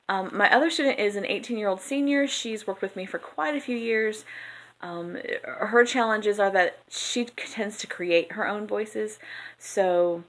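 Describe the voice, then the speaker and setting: A woman, a drama teacher explaining her coaching plan in a chatty, conversational way. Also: mid-range voice. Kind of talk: explanatory classroom presentation.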